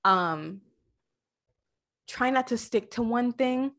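A woman guest on a podcast, talking casually about a video game in a gushing, animated way with many fillers. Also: fairly high pitch, slow pace.

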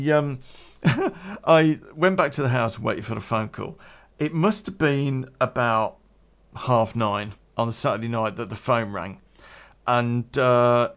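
A man's voice: mid-range voice, fairly bright tone. A man telling a story from his past in a casual, rambling way, with restarts and swearing.

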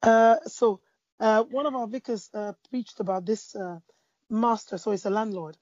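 A woman speaking about faith in a conversation, telling a parable with lively storytelling, fillers and restarts. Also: mid-range voice, moderate pace, dry recording, lo-fi sound. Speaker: Christian speaker. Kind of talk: preaching in a conversation.

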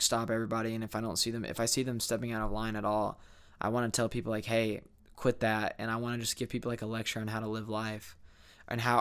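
A man's voice: lowish voice, fairly bright tone, clear, resonant tone. A young man talking candidly to camera in a rambling, reflective vlog monologue, full of fillers and restarts. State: sleepy, yawning. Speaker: vlogger.

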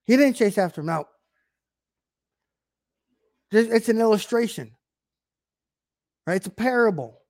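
High-voiced man preaching to camera. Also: lively intonation, a little slow, long pauses, darkish tone, no room sound, studio quality. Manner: emphatic, keeps asking "right?". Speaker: online preacher. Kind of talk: informal video sermon.

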